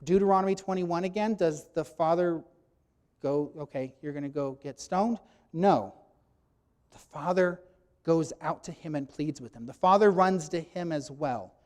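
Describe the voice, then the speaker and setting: A man preaching a sermon, teaching emphatically and acting out quoted lines with sudden loud bursts. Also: a little high, moderate pace.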